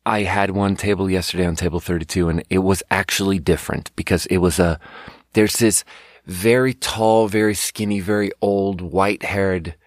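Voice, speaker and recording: A man's voice: low-pitched, fairly even intonation, normal speed, no room sound, clean studio sound. A man from Sweden hosting a podcast, telling a rambling, profane, self-mocking story in casual monologue. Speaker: podcast host and restaurant server.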